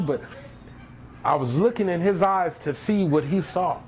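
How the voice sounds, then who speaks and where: A man tells his own testimony in an earnest, storytelling way, often repeating himself. His voice sits a bit higher than most men's. A faint hiss runs under the recording. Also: measured pace, pauses often, darkish tone, poor audio. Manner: earnest, repeats phrases, acts out quoted voices. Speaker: testimony speaker.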